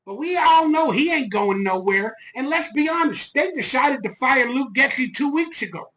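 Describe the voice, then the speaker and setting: Ranting man with a sharp, bright voice. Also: very high voice, expressive, moderate pace, rough recording. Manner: loud, profane, fired-up ranting. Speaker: fan channel host. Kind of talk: live fan rant stream. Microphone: phone.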